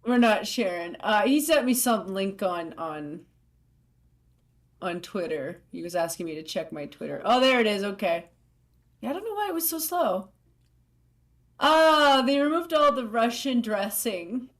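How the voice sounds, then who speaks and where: Woman, co-host, casual stream chat, halting, filler-heavy, easygoing. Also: mid-range voice, sing-song.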